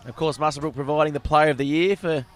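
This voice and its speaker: Excitable high-voiced rugby commentator. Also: male voice, fast talker. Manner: excitable, rising to shouts at tries. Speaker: sports commentator. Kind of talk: live rugby sevens commentary.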